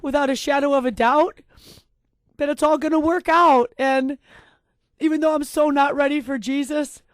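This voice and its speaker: A middle-aged woman hosts a talk show with a high, bright-sitting voice. She rambles emotionally and pokes fun at herself as she talks to her co-host. The recording is dry and close. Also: steady tone, moderate pace, dry recording. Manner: emotional, rambling, self-deprecating.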